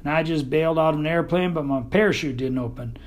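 A man with a Texan accent voicing a dazed, dopey male dog who talks in a slow, dreamy way in an audiobook. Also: a little high, natural voice. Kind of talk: audiobook character voice.

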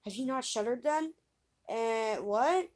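A woman's voice: fairly high pitch, animated, slow. Woman reading as a brash fearless youth. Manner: brash, loud exclamations. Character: bold fearless young man, cheeky and cheerful.

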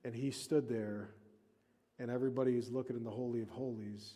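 Preaching pastor in a reverberant hall. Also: male voice, medium pitch, steady tone, a little fast. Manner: preaching, emphatic then dropping to hushed. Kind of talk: sermon. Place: church service.

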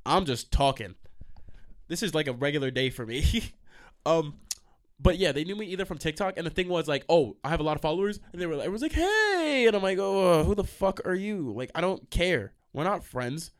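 A man's voice: a little high, fairly quick. A young man hosting a college radio show, rambling casually and profanely, getting heated and jumping off track. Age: young adult. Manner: profane, excitable, jumps off track. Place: college radio station studio.

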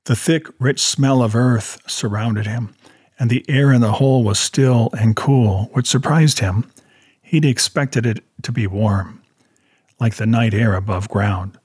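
A male audiobook narrator with a steady storytelling delivery. His voice is slightly husky at a middle pitch, recorded dry and close. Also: measured pace, dry recording. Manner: steady storytelling, voicing characters.

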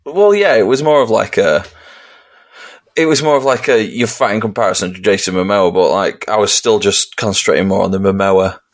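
A tired man co-hosts a podcast, rambling, swearing casually and poking fun at himself. His voice is on the low side. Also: fairly quick. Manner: sweary, rambling, self-mocking. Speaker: podcast co-host. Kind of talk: casual chat.

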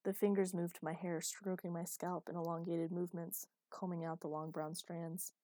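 A woman narrating a first-person romance audiobook with steady, intimate storytelling. Her voice is low-pitched and mellow rather than bright. The recording is close and dry, with no room sound. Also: moderate pace, no room sound.

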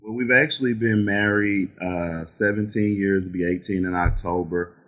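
Deep-voiced Texan man on a muffled line. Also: fairly even intonation, normal speed, fairly bright tone. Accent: Southern US, Texas. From Texas. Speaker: podcast guest. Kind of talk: casual interview chat.

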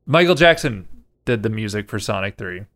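A man co-hosting a podcast, casually reviewing a movie with lots of fillers and trailing off quietly. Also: fairly low pitch, expressive, moderate pace, gravelly. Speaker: podcast co-host.

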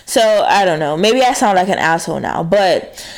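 A woman's voice: on the low side, animated, normal speed. Frank, swearing woman rambling casually. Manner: frank, swears freely, many fillers and restarts. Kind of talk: casual confessional monologue.

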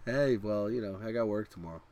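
A man in a casual chat, telling animated, profane anecdotes and acting out his own reactions. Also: fairly low pitch, fairly quick.

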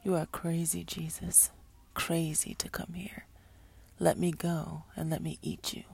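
A woman's voice: on the low side, flat delivery, unhurried, creaky, darkish tone, husky, soft background music, heavily acted. A woman voicing a tormented male fallen angel who growls, moans and bursts into screams in a whispered story reading. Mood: mad.

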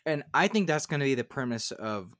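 A man co-hosting a podcast in casual chat, animated and rising to loud, high complaints when annoyed. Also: brisk, dry recording. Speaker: podcast co-host.

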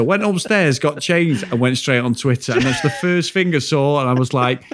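A man's voice: mid-range voice, moderate pace, few pauses. Sweary man chatting animatedly. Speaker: podcast co-host. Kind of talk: casual chat reviewing a TV show.

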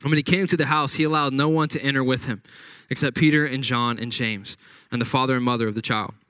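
A man's voice: mid-range voice, steady tone, quick pace, pushed and bright, no room sound. A man preaching a sermon, reading scripture aloud and retelling the story with dramatic acted-out quotes. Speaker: pastor.

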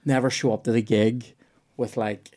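A man with a mid-pitched voice chatting loosely on a podcast. He rambles, trips over his restarts and swears freely as he works his way through a story. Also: steady tone, moderate pace, darkish tone. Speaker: podcast host and comedian. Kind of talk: casual chat.

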